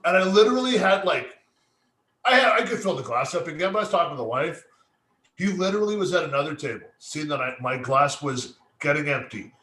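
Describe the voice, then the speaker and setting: A man co-hosting a laid-back podcast speaks fairly quickly in an animated, fairly high, pushed and bright voice, in an echoey room. His stories are heavy with swearing and acted-out quotes.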